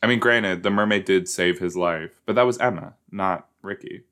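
A man hosting a casual reaction show about a TV episode, excitable and joking, with sudden jumps into high squeals. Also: moderate pace, clear, resonant tone.

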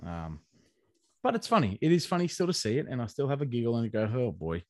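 A man's voice: mid-range voice, sing-song, quick pace, no room sound, studio quality. A man, co-hosting a casual podcast chat with crude, rambling, sweary banter. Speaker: podcast co-host.

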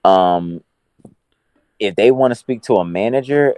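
Deep-voiced man with a slow, dry delivery. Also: a little mellow, clear, resonant tone, no echo. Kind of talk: casual chat.

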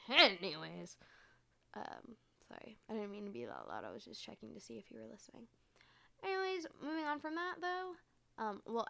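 A woman's voice: medium pitch, vocal fry, a bit bright. A woman in her twenties, from Arizona, telling a casual story as a podcast host, rambling, full of fillers and swearing. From Arizona, United States. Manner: profane, rambling, filler-heavy.

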